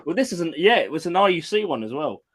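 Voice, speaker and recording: A man hosts a stream, his voice a little high and very animated. He chats loosely, laughing often and trailing off into fillers. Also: fast, a little hiss or hum. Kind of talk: casual chat.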